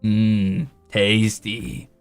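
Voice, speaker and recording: Extremely slow and flat, this streamer's fairly low voice is gravelly yet smooth, recorded dry with faint music behind. He rambles casually to his chat, poking fun at himself.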